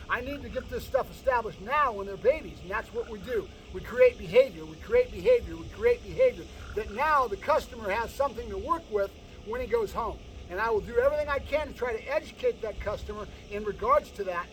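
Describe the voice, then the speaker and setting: A male dog trainer with a strikingly high voice, lecturing emphatically and tagging his points with "right?". He is picked up from some distance away, with a faint hiss of noise underneath. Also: a bit bright. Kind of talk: explaining dog training to owners.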